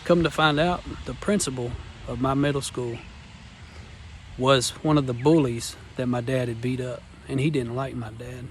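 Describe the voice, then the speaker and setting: There's a little hiss or hum behind this man's medium-pitched voice as he tells a heartfelt testimony at normal speed. In his thirties, the vlogger rambles earnestly with fairly even intonation and Southern-style turns of phrase.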